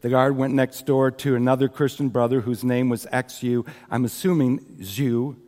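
A man's voice: mid-range voice, little pitch movement, moderate pace, darkish tone. A man preaching a sermon, earnestly retelling a story with quoted scripture and asides to the congregation. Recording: long hall reverb.

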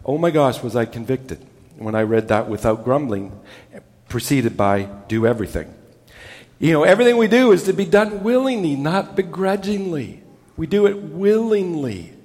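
A male pastor preaching with emphasis, his voice a touch higher than most men's. He sinks low and quiet to land key words. The sound carries the long reverb of a large church sanctuary. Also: expressive, moderate pace. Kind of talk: sermon.

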